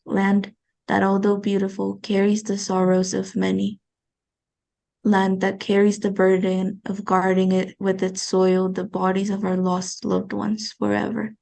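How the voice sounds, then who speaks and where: A woman from Mexico recites her poem in measured lines, moving between English and Spanish. Her voice is warm and mellow, and she keeps a fairly flat pitch. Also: vocal fry. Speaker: student guest. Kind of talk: poetry reading.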